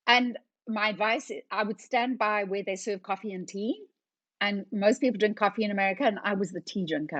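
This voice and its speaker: A woman's voice: medium pitch, dry recording. Middle-aged woman telling stories. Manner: lively storyteller who acts out conversations. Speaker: company founder, podcast guest. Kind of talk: casual storytelling interview.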